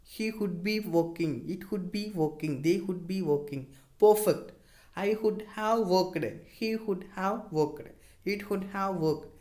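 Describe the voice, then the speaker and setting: Woman teaching grammar, low voice. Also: dark tone. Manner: explains modal verbs step by step, reading example sentences slowly. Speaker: English teacher. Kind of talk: grammar lesson.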